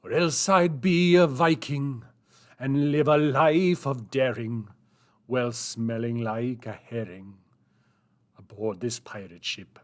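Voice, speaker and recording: A man singing a musical number in a put-on mock Scottish accent, loud and theatrical. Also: medium pitch, slow pace, lightly acted. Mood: boisterous. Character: swaggering Scottish-style male singer.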